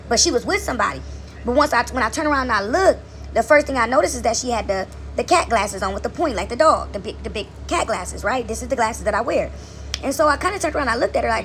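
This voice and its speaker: A woman talks quickly, in a slightly high voice, as she tells a rambling story from her couch at home. She often repeats words and restarts, and checks in with "right?" A faint hum of room noise sits under her voice. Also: animated, fairly bright tone. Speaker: vlogger. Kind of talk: casual storytelling to camera.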